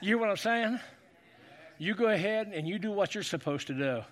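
A middle-aged man preaching a sermon as pastor, building to shouted, repetitive exhortations. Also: sits high, lively intonation, a little fast.

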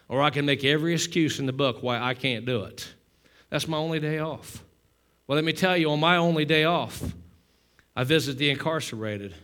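A middle-aged male pastor delivering a sermon, exhorting the congregation in a repetitive preaching cadence that builds to loud fervor. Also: fairly high pitch. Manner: self-deprecating asides to the congregation.

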